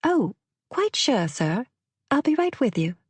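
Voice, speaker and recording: Young waitress played by a woman, fake English accent, prim, overly polite, raised pitch, dry close sound. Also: big pitch swings, a little slow, breathy edge, dry recording, exaggerated voice. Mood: flustered, prim. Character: young woman waitress, flustered but determined.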